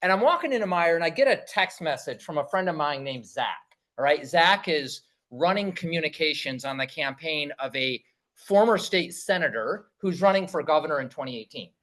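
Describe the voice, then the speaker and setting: A man's voice: a little high, animated, fairly quick, fairly bright tone, poor audio. A middle-aged man from Michigan, a candidate giving a conversational campaign speech at a party meeting, often adding "right?" and restarting his phrases.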